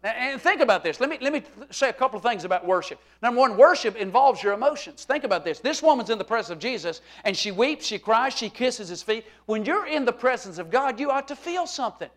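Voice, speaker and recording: A middle-aged male pastor preaching a humorous, animated sermon to his congregation, moving from quiet talk to shouting. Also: extremely high pitch, fast talker, hardly any pauses. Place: church sanctuary.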